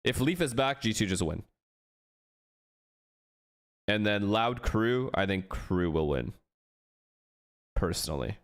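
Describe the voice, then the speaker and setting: A man's voice: on the low side, lively intonation, takes it slowly, long pauses. A man hosting a watch party, chatting casually and bluntly calling match winners. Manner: blunt, offhand predictions. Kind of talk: casual chat with profanity.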